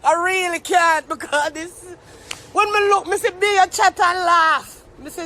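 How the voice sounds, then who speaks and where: A man's voice: very high-pitched, slow, pauses often, sharp tone, a little hiss or hum. A young Jamaican man ranting on a live stream, mock-tearful and theatrical. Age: young adult. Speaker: social media commentator.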